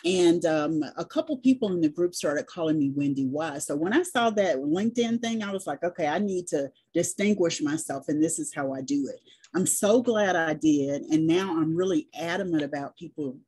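A middle-aged woman with a Southern US accent talks through her stories at an easy pace, even spelling things out. Her voice sits low and mellow, with a husky edge to it. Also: normal speed. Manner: chatty storyteller, spells things out. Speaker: business and sales coach, guest. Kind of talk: casual interview chat.

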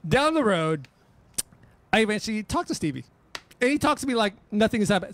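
A middle-aged man, a radio DJ, telling a story in casual chat, animated and profane, acting out the people he quotes. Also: sits high, brisk, pauses often. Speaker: radio DJ guest.

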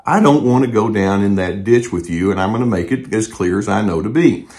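An older man and therapist giving calm, measured advice to the camera, with frequent fillers and restarts. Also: on the low side. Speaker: therapist and channel host.

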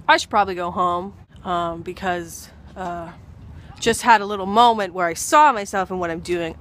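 A young woman filming herself outdoors at a rainy baseball field, rambling and swearing, her voice jumping from loud outbursts to near whispers. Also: fairly high pitch, slight background noise. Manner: profane, rambling, swings from shouting to whispering. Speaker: vlogger. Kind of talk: rambling comedic vlog monologue.

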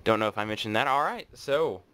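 A man casually unboxing mail on his vlog, chatty and excitable, thinking aloud as he goes. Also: mid-range voice, fairly quick. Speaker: autograph collector vlogger.

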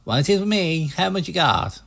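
A man voicing a pushy, fast-talking used-ship salesman with a put-on American salesman accent, reading game dialogue. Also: on the high side, big pitch swings, vocal fry, fairly bright tone, pitched above the performer's own voice, exaggerated voice. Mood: smooth salesy. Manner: slick, hard-selling patter.

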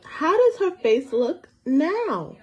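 A young woman teacher reading a storybook aloud to small children, slow and encouraging, asking them questions as she goes. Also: high voice, big pitch swings, dull audio, a little hiss or hum. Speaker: preschool teacher.

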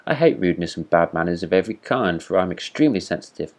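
A man's voice: low voice, expressive, fast talker. A man voicing a pompous, vain talking firework rocket in a read-aloud storybook, haughty and indignant. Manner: haughty, self-important, indignant.

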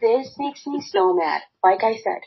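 A woman's voice: a little high, animated, a little slow, gravelly, husky, dull audio. A woman co-hosting a podcast, recapping a book in casual chat with blunt, profane, exasperated rants. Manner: blunt, swears freely, exasperated ranting. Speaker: podcast co-host.

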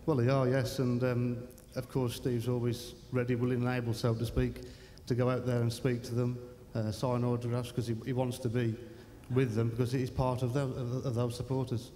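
A man answers questions on stage, earnest and slightly halting, circling back over the same points. His voice is flat and mellow. A long hall reverb and a faint low rumble surround him. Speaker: interviewed guest. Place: large civic hall, live event.

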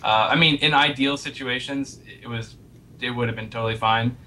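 A man's voice: medium pitch, steady tone, normal speed, pushed and bright, slight background noise. A man, a comics artist, chatting casually as an interview guest, telling a story with many fillers and chuckles.

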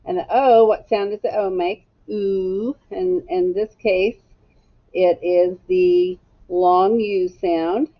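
A woman teacher with a lowish voice leads young children through a slow, drawn-out phonics lesson, sounding out each letter one at a time and giving patient step-by-step directions. The sound is lo-fi.

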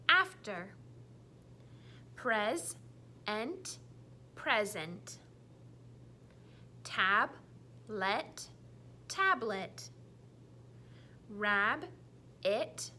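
A woman teacher leading a phonics lesson for children, saying each word clearly and repeating it for the class to echo. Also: fairly high pitch, pushed and bright, slight background noise. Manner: slow, clearly enunciated, repeats words for kids to echo.

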